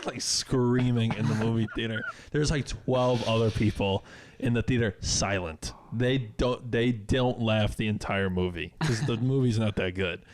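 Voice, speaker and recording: A young man co-hosting a casual podcast, telling animated stories and jumping into shrill voices when he imitates people. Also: unhurried, slight background noise. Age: young adult. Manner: animated storyteller, shrieks when imitating others. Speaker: podcast co-host. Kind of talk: casual chat.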